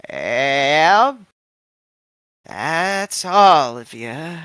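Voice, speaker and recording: A man voicing a frail, shrewd old woman who stutters and speaks slowly in a tabletop game. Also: on the high side, lively intonation, sharp tone, clear, resonant tone, dry recording, full character voice. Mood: wry. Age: older. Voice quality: stuttering, slow voice. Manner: sly, calculating. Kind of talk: tabletop role-play voicing.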